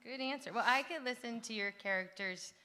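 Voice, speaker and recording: A woman's voice: on the high side, fairly quick, bright, forceful tone. A woman interviewing an author on stage at a festival. She asks her questions with a playful, teasing manner. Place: festival venue.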